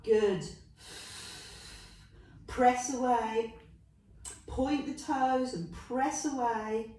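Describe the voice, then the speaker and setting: A British woman with a high, bright voice guides a Pilates class at an unhurried pace, chatty and teasing. She sounds far from the mic in a very echoey room. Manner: upbeat, playful, chatty coaching with laughs. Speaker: Pilates instructor. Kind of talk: live-style workout instruction.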